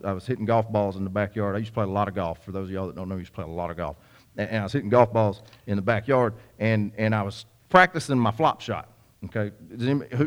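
A young man preaching a sermon, telling a folksy story with many repeats and asides to the congregation. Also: fairly low pitch. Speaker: pastor.

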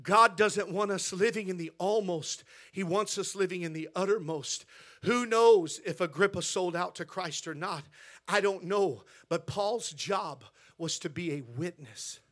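A man preaching a sermon as pastor, with an American accent, telling a story quietly and then rising to loud, shouted preaching in a church. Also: high voice, a little slow. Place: church sanctuary.

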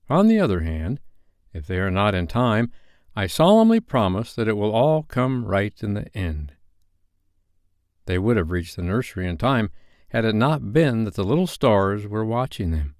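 A man reading a classic children's novel aloud as a bedtime story, in an expressive, lively manner. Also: on the low side, no room sound, studio quality.

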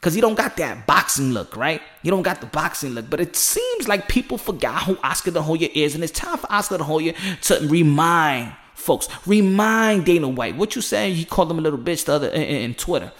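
A man's voice: fairly high pitch, big pitch swings, brisk, few pauses, fairly bright tone. A man giving a casual, emphatic opinion commentary on boxing, rambling and rising into fired-up outbursts.

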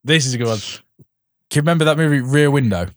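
A man's voice: a little high, brisk, no echo, studio quality. A man co-hosting a podcast, trading film puns in a casual, laughing chat. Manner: joking, pun-making, laughs often. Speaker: podcast co-host.

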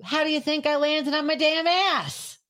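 A woman co-hosting a podcast, telling a story in a casual chat with animated delivery and plenty of swearing. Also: high-pitched, moderate pace, dry recording, clean studio sound. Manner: animated storytelling, heavy swearing, shouts when acting out scenes. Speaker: podcast co-host.

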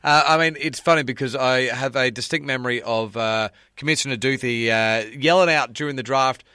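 Upbeat podcast host, bright voice. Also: male voice, medium pitch, clear, resonant tone, no echo, studio quality. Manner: upbeat, jokey, quick asides. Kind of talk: casual podcast chat.

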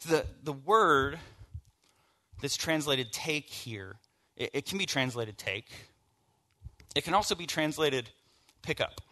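Bright-voiced man preaching a sermon. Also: on the high side, animated, takes it slowly, long pauses. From American South. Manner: storytelling, conversational, shifts from hushed to emphatic. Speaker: pastor.

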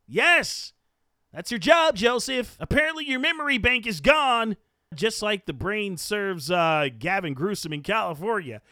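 A man hosting a podcast, delivering an indignant, loud, mocking political commentary rant. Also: very high voice, no room sound, studio quality. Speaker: podcast host.

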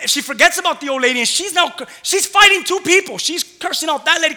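A male pastor preaching a sermon and telling a personal story in an animated way that builds to loud exclamations. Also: extremely high pitch, brisk, big-room sound.

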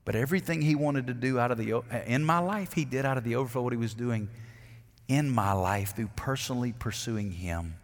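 A middle-aged man, a pastor, preaching a sermon, swinging between loud emphatic declarations and hushed, intimate asides. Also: mid-range voice, a little fast, big-room sound.

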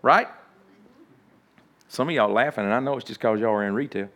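A man's voice: mid-range voice, brisk, fairly bright tone. A man preaching a sermon as pastor, in a conversational, joking way that acts out little everyday scenes.

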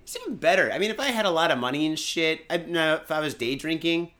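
Man, podcast host, from Michigan, bright lively voice, profane loose rambling, tipsy. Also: on the high side, fast. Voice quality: profane, loose and jokey, lots of fillers. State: day drinking. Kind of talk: casual rambling podcast chat.

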